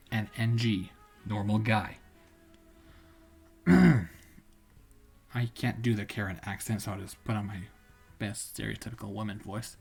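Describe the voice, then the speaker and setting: A man's voice: fairly low pitch, creaky, breathy edge. A man streaming live, reading stories aloud in a casual, rambling way and often stopping to correct himself.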